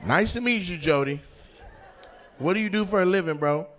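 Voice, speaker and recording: A man doing loud, teasing crowd work as a stand-up comedian on a comedy club stage, with a handheld mic. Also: high voice. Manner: loud, teasing, quick-jumping between voices.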